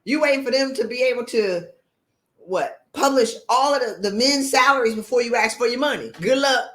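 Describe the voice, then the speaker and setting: A woman's voice: fairly high pitch, moderate pace, fairly bright tone, roomy sound. A woman leadership coach giving a motivational talk, blunt and emphatic, firing off rhetorical questions in sassy, colloquial speech.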